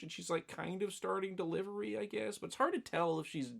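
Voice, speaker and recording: A man co-hosting a podcast, casually recapping a film in a rambling, animated way with lots of fillers. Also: sits high, brisk, gravelly, few pauses. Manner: rambling, animated storytelling with many fillers and acted-out quotes. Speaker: podcast co-host.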